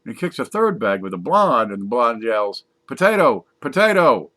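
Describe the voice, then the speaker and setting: A man casually reading jokes aloud from a page, putting on higher voices for the punchlines. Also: very animated, moderate pace, pushed and bright. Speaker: joke reader.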